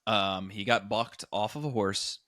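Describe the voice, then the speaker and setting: A man hosting a podcast, telling an office story in a lively, animated way and acting out the quotes. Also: fairly low pitch, measured pace, no echo, studio quality. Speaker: podcast host. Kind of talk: casual chat, storytelling.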